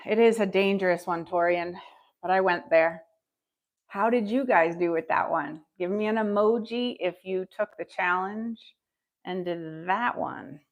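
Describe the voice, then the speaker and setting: A woman leading a live tapping session, upbeat and encouraging, reading out viewers' scores and having them repeat phrases after her. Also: medium pitch. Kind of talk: guided tap-along with live chat check-ins.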